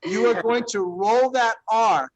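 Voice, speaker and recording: A man's voice: sits high, unhurried, no room sound, dull audio. A man teaching a Spanish class, encouraging students and drilling pronunciation through repetition. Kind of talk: classroom language lesson.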